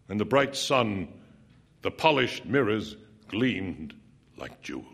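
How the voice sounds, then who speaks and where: A man narrating a first-person story aloud in an intense, dramatic way, his voice sinking at times to a hushed near-whisper. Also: lowish voice, sing-song, takes it slowly, creaky, pauses often, breathy edge.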